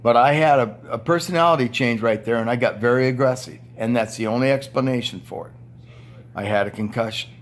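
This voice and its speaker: An older man in his seventies rants straight to camera from a room at home. He is blunt and profane, and he swears freely as he airs his grievances. His voice sits at an ordinary pitch for a man. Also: a little fast. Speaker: retired power plant worker and former union steward. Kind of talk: angry monologue vlog. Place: indoor room at home with TV and fan.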